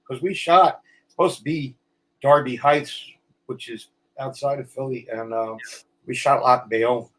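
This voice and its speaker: A middle-aged man, an actor guest telling stories in a casual interview, blunt and animated. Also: mid-range voice, moderate pace.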